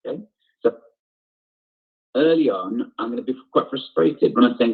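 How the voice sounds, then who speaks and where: A man's voice: medium pitch, animated, moderate pace, husky. A man teaching an online drama lesson over a video call, explaining step by step and often checking in with "okay?". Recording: dull lo-fi video call audio.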